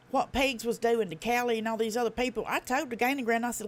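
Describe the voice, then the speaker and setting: A woman with a Tennessee Southern accent hosting a live stream, talking fast with a blunt, profane, folksy drawl. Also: on the high side, animated. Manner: fast talker. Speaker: livestream host. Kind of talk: casual live-stream commentary.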